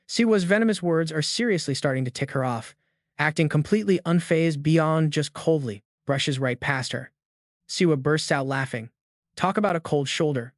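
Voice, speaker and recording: A man's voice: fairly high pitch, no room sound, clean studio sound. A man narrating a story recap in a hyped, slangy storytelling manner.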